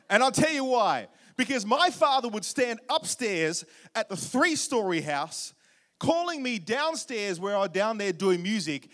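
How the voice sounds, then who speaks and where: A man preaching a sermon, warm storytelling with jokes and questions to the congregation. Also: sits high. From Australia. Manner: humorous, audience-engaging storytelling. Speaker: guest preacher.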